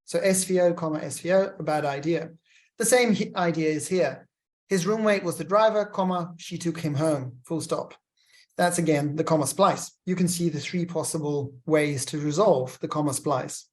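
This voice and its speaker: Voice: medium pitch, moderate pace, darkish tone. A lecturer teaching legal writing, reading example sentences aloud and naming each punctuation mark, with chatty asides to students. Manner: explains step by step, reads examples aloud with punctuation.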